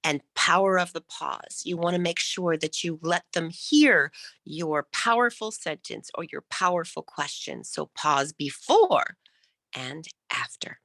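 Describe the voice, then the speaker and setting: A woman coaching public speaking in an online workshop, enunciating every syllable crisply and switching between loud and whispered speech. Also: fairly low pitch, measured pace, no echo.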